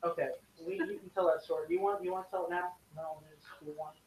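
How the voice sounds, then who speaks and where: A woman's voice: lowish voice, steady tone, fast, darkish tone, far from the mic. A woman telling travel stories to a group in a chatty, casual way, full of fillers. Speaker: student speaker sharing travel stories. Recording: echoey room, faint hiss.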